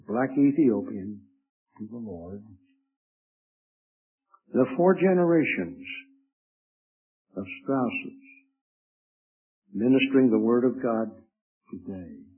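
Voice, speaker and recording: Older male preacher, earnest and measured, husky voice, tinny lo-fi recording. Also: medium pitch. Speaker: preacher giving his testimony. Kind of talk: spoken testimony.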